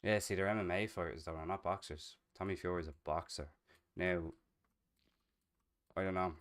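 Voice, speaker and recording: Deep-voiced Dublin Irish man. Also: fairly even intonation, moderate pace, clean tone. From Ireland. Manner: chatty, rambling, swears casually. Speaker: streamer. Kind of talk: casual chat while streaming a roleplay game.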